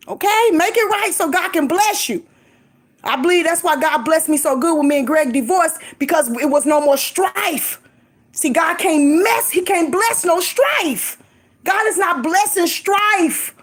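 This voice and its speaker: A middle-aged woman vlogging, giving lively, emphatic encouragement in a casual preachy way, laughing often. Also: very high-pitched, unhurried. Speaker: faith vlogger.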